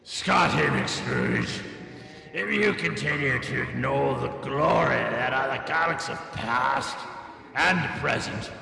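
A doom-laden spirit with a gravelly, bright-edged growl, drawing out every word and bellowing warnings. His voice rings with long, hollow reverb. It suits a comedy audio parody. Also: medium pitch, heavily acted. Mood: booming. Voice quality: gravelly, drawn-out and shouted delivery. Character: ominous male ghost of future Christmases, booming. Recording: echoey long-reverb hall effect.

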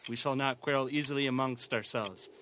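A humble, doting father who speaks softly and earnestly about his family, as a man acts him out. His voice sits at a middle pitch over a faint background hiss. It is a comedy audio parody. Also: fairly even intonation, fairly quick, close to an everyday voice. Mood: tender. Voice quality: soft, earnest, sentimental. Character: gentle humble poor father, sentimental.

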